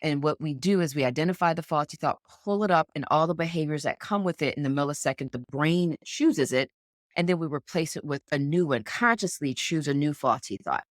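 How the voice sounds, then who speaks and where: A woman with a deep voice talks briskly as co-host of a casual sports podcast, taking an earnest, coach-like, encouraging tone. It's recorded indoors with studio quality and no echo.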